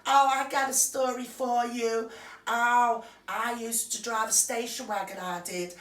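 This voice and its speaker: A woman's voice: a little high, fairly even intonation, a little slow, fairly bright tone. A woman putting on a simpering, self-pitying celebrity woman to mock her. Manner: simpering, affected. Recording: roomy, distant from the mic.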